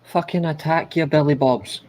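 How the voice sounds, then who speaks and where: A man's voice: on the high side, steady tone, normal speed, a little mellow, a little hiss or hum, low-quality recording. A man chatting bluntly and teasingly with friends during a live football watchalong, swearing at the players. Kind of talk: casual football watchalong chat.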